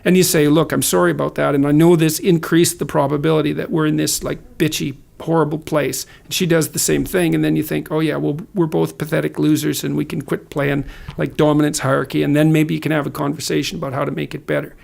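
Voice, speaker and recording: Gravelly earnest man lecturing. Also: on the high side, flat delivery, fast talker, darkish tone. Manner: earnest, lecturing, sardonic asides. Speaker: guest author. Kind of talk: conversational podcast talk.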